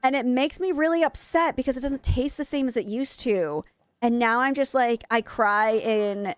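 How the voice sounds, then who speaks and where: A woman's voice: on the high side, moderate pace, no room sound, soft background music. Young woman, chatty streamer, wistful rambling, dry close mic. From USA (Maine). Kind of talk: casual chat with viewers while gaming.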